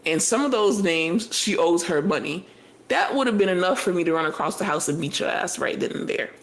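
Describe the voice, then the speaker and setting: A young woman co-hosting a podcast, recapping a reality show in casual chat, animated and profane, telling the story in bursts. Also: on the low side, a little fast, rough recording. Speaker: podcast co-host.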